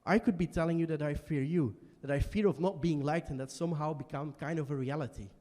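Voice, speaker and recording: A young man performing an emotional solo stage monologue in a small basement venue, swinging between quiet and shouting. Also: on the high side, fast, long reverb tail. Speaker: stand-up performer.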